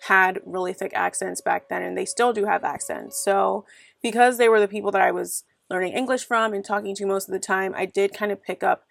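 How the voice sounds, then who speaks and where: Earnest gravelly young woman vlogger. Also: medium pitch, steady tone, brisk, fairly bright tone, no echo. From Nigeria. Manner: earnest and heartfelt, with frequent "like". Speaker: YouTuber. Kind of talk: storytime vlog to camera.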